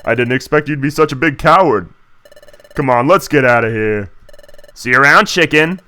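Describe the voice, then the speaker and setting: A man's voice: medium pitch, normal speed, bright, forceful tone, lightly acted. A man reading a taunting young bully. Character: sneering young male bully creatures.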